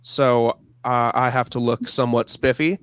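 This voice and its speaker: A man's voice: mid-range voice, little pitch movement, moderate pace, a bit bright, smooth, no echo. A man co-hosting a podcast, chatting in an upbeat, rambling way with fillers. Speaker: podcast co-host. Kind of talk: casual chat.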